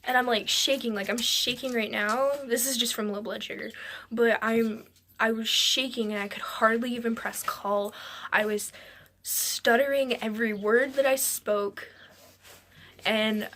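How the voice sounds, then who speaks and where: A woman's voice: fairly high pitch, fairly even intonation, unhurried, a bit bright. A woman narrating a dramatic personal story for a storytime vlog, rambling and breathless with many "I'm like" asides. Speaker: vlogger.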